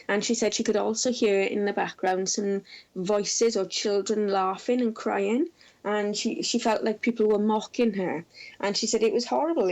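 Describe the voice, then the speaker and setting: A middle-aged woman, a researcher and former intensive care nurse, recounting case stories in an interview with gentle, measured storytelling and frequent fillers. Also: medium pitch, rough recording.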